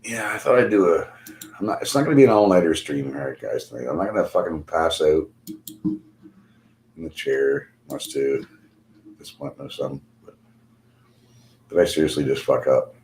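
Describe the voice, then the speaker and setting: A man's voice: a bass voice, normal speed, long pauses, slight background noise. A middle-aged man ranting casually to his livestream viewers, swearing constantly and laughing through his stories. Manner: profane, animated storytelling with laughter. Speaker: livestream host.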